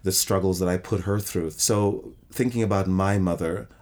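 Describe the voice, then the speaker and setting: Man, middle-aged, very low voice, theater director, reflective interview talk. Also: steady tone, normal speed, darkish tone. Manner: thoughtful, reflective, restarts often. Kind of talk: interview conversation.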